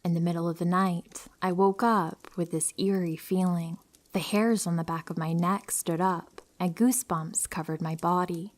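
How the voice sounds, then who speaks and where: A woman with a slightly low voice reads listener horror stories aloud. Her delivery is calm and soft-spoken. She slips into near-whispers to build dread. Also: moderate pace. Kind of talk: scripted narration of horror stories.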